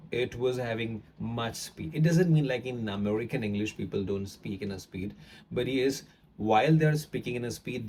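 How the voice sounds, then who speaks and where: A man's voice: medium pitch, a little mellow, a little hiss or hum. A man with an Indian accent explaining things in an online English lesson, with many fillers and words stressed for emphasis. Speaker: English teacher.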